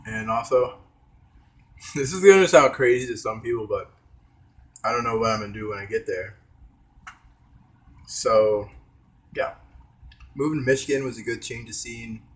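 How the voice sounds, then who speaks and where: A man's voice: medium pitch, normal speed, long pauses. A young man vlogging in a rambling, hesitant casual monologue, talking while eating with his mouth full. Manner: hesitant, trailing off, many fillers.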